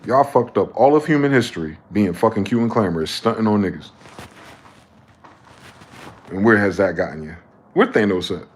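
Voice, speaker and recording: Late-30s male livestreamer, lowish voice, heated preachy rant, echoey room. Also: lively intonation, moderate pace, long pauses, slight background noise. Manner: heated, profane, preachy rant with sharp swings in loudness. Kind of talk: ranting livestream monologue. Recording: roomy echo.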